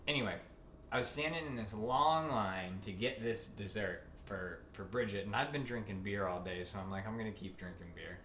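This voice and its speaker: A man's voice: fairly low pitch, normal speed, a bit bright. A man co-hosting a casual podcast chat, telling a rambling anecdote with lots of fillers. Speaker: co-host. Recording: echoey room, faint noise.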